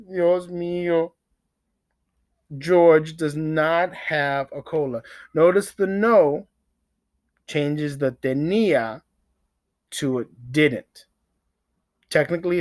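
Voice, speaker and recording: A man teaching a language lesson through a simple story, repeating phrases, counting out pauses and breaking into dramatic exclamations. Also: a little high. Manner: slow, repetitive drilling with counted pauses; dramatic exclamations between asides. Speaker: Spanish teacher.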